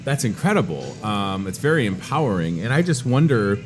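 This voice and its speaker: The host, a man in his thirties, has a voice on the low side with big pitch swings and a brisk delivery. He's running a live segment in a grocery store, chatting with a guest and cracking jokes about himself.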